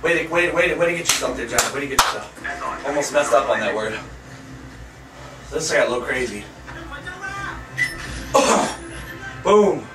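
A young man giving excitable gameplay reaction commentary, trash-talking with loud outbursts. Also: mid-range voice, moderate pace, pauses often, over music. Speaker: gaming YouTuber. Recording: echoey room, distant mic, noisy.

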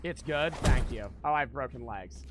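A young man streams a tactical shooter, giving live gameplay commentary in a medium-pitched voice at normal speed with background noise. He chats and jokes, swearing a lot.

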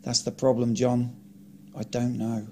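A man reading his own script aloud, narrating and voicing dialogue with deadpan, blunt comic asides. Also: medium pitch, unhurried, a little hiss or hum.

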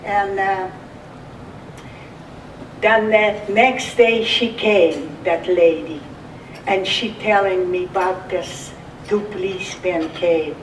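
Speaking slowly with frequent pauses and a steady tone, an elderly Russian survivor in her eighties shares her life story in broken English with a Russian accent. Her mid-range voice is distant from the mic in an echoey room, with slight background noise.

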